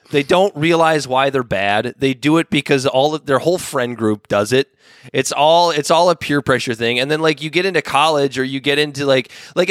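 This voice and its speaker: A man's voice: mid-range voice, fairly bright tone, dry recording, studio quality. Rambling, profane man in his thirties. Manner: rambling, many restarts and fillers; profane, laughs often. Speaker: podcast co-host. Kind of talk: casual chat.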